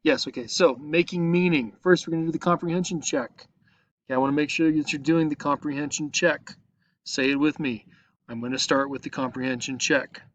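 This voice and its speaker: A man's voice: a little high, fairly quick. A male teacher patiently walks his students through an online lesson, checking in with frequent "okay?" as he explains each step. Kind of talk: recorded online lesson walkthrough. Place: at a computer, screen recording.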